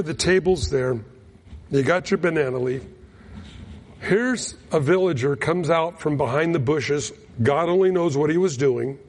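A man preaching a sermon, telling a folksy mission story with lively acted-out quotes. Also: fairly high pitch, slight background noise. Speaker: pastor. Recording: long reverb of a large hall.

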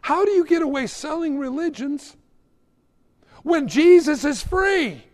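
A man doing an incredulous, high-pitched visitor. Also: sing-song, a little slow, darkish tone, full character voice. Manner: incredulous, exclaiming.

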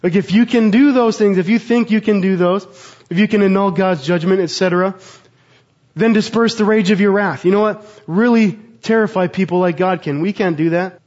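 A man's voice: high voice, fairly quick, darkish tone. A man in his thirties, a pastor preaching a sermon with earnest, rhetorical questions. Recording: slightly dull, muffled sound.

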